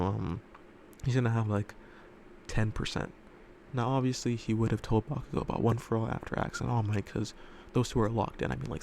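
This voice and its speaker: A man's voice: on the low side, gravelly, darkish tone, slight background noise. A man telling a fan story casually, rambling with lots of fillers and loose swearing, recorded in a room at home.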